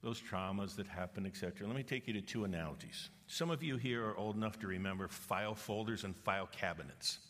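Fast and with few pauses, a middle-aged pastor delivers his sermon in a fairly low, slightly bright voice. He earnestly acts out the people in his stories using quoted voices. The church auditorium produces a long reverb typical of a large hall.

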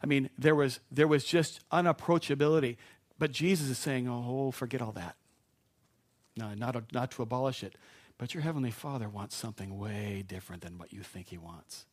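A man's voice: mid-range voice, steady tone, fairly quick. A man preaching a sermon to a live congregation in a conversational way, with asides and self-deprecating jokes.

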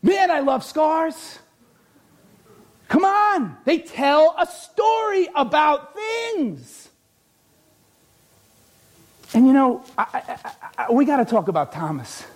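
A man preaching a sermon in a church hall, animated and often shouting as he tells funny stories about himself. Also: very high voice, slow, long pauses. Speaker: pastor.

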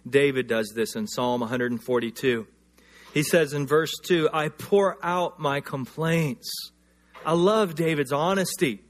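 A man preaching a sermon, swinging from loud emphatic lines to quiet, hushed ones, and telling personal stories. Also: mid-range voice, moderate pace. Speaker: pastor.

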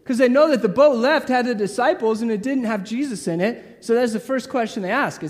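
A man preaching a sermon in a lively, casual way, acting out the voices of the people he talks about. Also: very high-pitched, fairly quick, hardly any pauses, in a large hall. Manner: lively, acts out crowd voices, casual asides.

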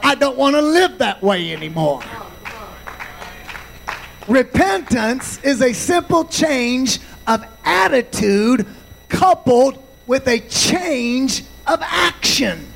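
A male pastor preaching a sermon, slow and deliberate, punctuating points with amens. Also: very high voice, sing-song, creaky, a bit bright, poor audio.

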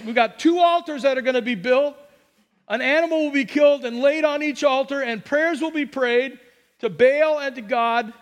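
A man's voice: extremely high pitch, long reverb tail. A man preaching a sermon as pastor, telling the story with jokes and acted-out quotes. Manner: animated storytelling, jokey asides and acted-out quotes.

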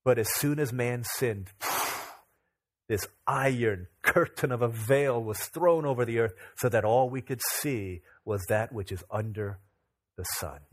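A man in his thirties, a pastor, preaching a sermon that opens with a lively family anecdote, acting out the dialogue in it. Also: medium pitch, measured pace. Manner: animated, acts out dialogue in anecdotes. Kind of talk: sermon with storytelling.

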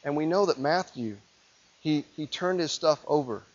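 A man's voice: a little high, lively intonation, normal speed. A male pastor preaching a sermon in a conversational storytelling manner, asking rhetorical questions, in a dull lo-fi recording. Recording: dull lo-fi sound.

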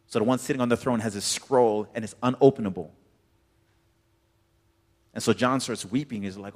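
A man's voice: medium pitch, normal speed, long pauses, darkish tone. A man preaching a casual sermon in a laid-back, chatty way, full of filler words. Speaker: pastor. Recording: reverberant hall.

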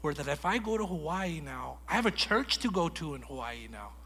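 A man preaching a sermon in a lively storytelling way, acting out conversations as he goes. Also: a little high, a little fast, husky, in a large hall. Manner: animated storytelling, acts out dialogue. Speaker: guest preacher.

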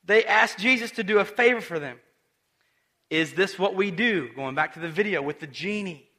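Male preacher, high and bright voice, animated conversational sermon delivery. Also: normal speed. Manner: animated storytelling with acted quotes and direct questions to the audience. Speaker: pastor.

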